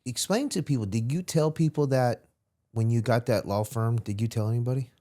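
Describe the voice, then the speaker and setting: A man's voice: mid-range voice, fairly quick, dark tone. A man hosting a podcast interview, asking short probing questions. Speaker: podcast host.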